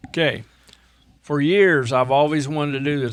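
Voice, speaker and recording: A man's voice: fairly high pitch, fairly even intonation, unhurried, dry recording. A man from Indiana co-hosting a podcast, joking and rambling playfully. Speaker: podcast co-host. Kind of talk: casual podcast chat.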